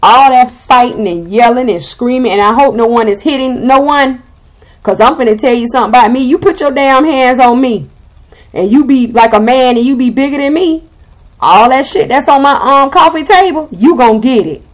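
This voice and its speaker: Woman, Southern US accent, blunt and sassy, slightly high voice, tarot reader. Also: normal speed. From Southern United States. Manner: blunt, sassy and emphatic, swearing freely. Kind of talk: casual tarot reading.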